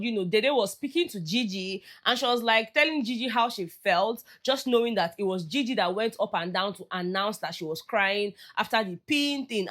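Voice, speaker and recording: A woman's voice: on the high side, fairly bright tone. A woman with a Nigerian accent chatting through a reality show recap, slipping into Pidgin phrases as she goes. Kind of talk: casual commentary.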